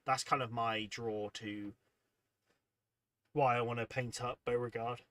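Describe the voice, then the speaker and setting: This livestream host, a man with a medium-pitched, slightly bright voice, speaks unhurriedly with fairly even intonation and no echo. He chats casually about his hobby and reads out viewer comments, rambling and self-deprecating while sounding tired and yawning.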